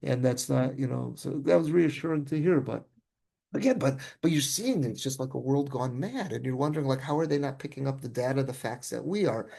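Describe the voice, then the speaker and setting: A man's voice: medium pitch, a little fast, vocal fry, dark tone. A man, a rabbi, telling a travel story in casual discussion, rambling with frequent restarts and self-corrections.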